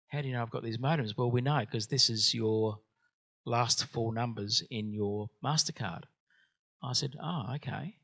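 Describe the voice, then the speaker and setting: A man's voice: medium pitch, fairly bright tone. A man hosting a business workshop, telling a personal story with frequent ums and uhs. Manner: hesitant, many ums and uhs. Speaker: event host.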